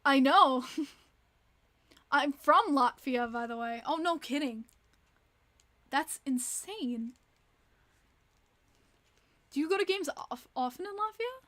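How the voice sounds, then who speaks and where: High-voiced chatty woman streamer. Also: animated, pushed and bright. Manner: chatty, reacts to viewer chat with quick exclamations. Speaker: livestream host. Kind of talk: casual livestream chat.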